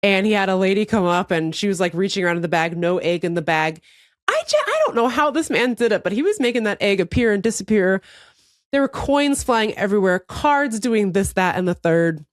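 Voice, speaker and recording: Co-hosting a casual comedy podcast, a woman with a medium-pitched voice tells a brisk, animated story, laughing often, swearing casually, and acting out quotes. The recording is studio quality with no room sound.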